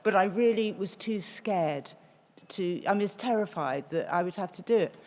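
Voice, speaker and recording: A woman's voice: mid-range voice, expressive, normal speed, a little mellow. A British woman on a live panel, telling her story candidly and with energy. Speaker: panel guest. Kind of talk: panel discussion on stage.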